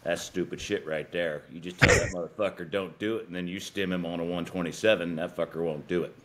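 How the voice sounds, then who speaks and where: A man speaking as a blunt, crusty old male dog trainer, gruff and dismissive. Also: low voice, fairly even intonation, a little fast, fairly bright tone. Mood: scoffing. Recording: noisy, from far off the mic.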